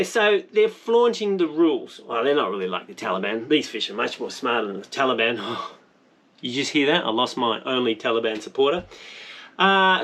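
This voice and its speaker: A man's voice: mid-range voice, fairly bright tone. An Australian man narrating his spearfishing vlog in a rambling, jokey, self-mocking way. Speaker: spearfishing vlogger.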